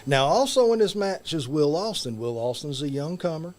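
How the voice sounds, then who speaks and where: A man's voice: a little high, very animated, normal speed, darkish tone. Folksy man spinning a yarn. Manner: drawling, folksy, jokey. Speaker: guest professional wrestler. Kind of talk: folksy storytelling and promo talk.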